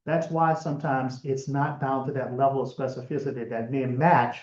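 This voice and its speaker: A man's voice: mid-range voice, fairly even intonation, moderate pace, a little mellow. Man lecturing in a roomy, muffled room. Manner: conversational, explanatory, with frequent fillers and restarts. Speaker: genealogy presenter. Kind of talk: lecture presentation.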